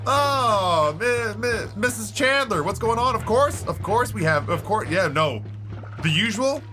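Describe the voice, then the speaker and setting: Brief: man playing eager young bartender on the phone, high and effusive. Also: lively intonation, measured pace, music in the background. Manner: eager, effusive customer-service patter. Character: cheerful young male bartender answering phone.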